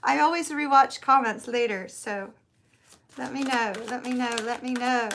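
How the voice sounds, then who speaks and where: A middle-aged woman with a Southern US accent, chatting warmly through a live tarot reading and drawing out her words. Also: fairly high pitch, slight background noise. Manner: chatty, bubbly, drawn-out words. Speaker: tarot reader.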